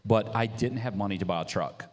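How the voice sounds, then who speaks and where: A man founder telling a story in casual chat, animated and slangy, with lots of restarts. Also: on the low side, brisk. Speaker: coffee business founder, guest. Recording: echoey hall with faint noise.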